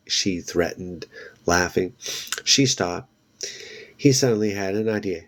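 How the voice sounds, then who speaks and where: A man with a fairly low voice reads a children's book aloud for a book video. He narrates plainly and steadily, with the odd slip he corrects and then reads on. His pace stays easy and unforced. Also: slow, pauses often, fairly bright tone.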